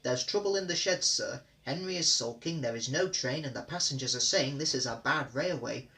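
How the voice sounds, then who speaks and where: A man's voice: mid-range voice, pushed and bright. A man voicing a worried male station master in a storybook reading, reporting trouble anxiously. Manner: worried, hurried.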